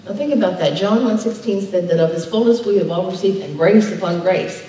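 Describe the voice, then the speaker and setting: A woman's voice: mid-range voice, brisk, warm tone, slight background noise. A woman pastor preaching a sermon, emphatic and drawing responses from her congregation. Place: church sanctuary. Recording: echoey church hall, distant mic.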